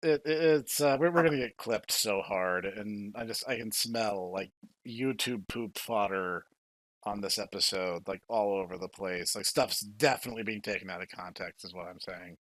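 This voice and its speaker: A young man hosting a podcast in casual chat, lively and quick to laugh, often stumbling over his words. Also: fairly low pitch, no room sound. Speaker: podcast host.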